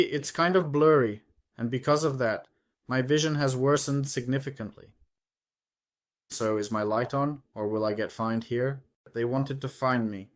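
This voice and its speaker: Chatty man vlogging from a truck cab. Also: medium pitch. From Ukraine. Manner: rambling, chatty, addresses viewers as friends. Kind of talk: casual chat while driving.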